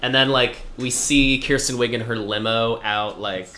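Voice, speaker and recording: A man's voice: mid-range voice, steady tone, moderate pace, pushed and bright. A man casually recapping a TV episode in chat, rambling with lots of fillers and wry asides. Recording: echoey room recording.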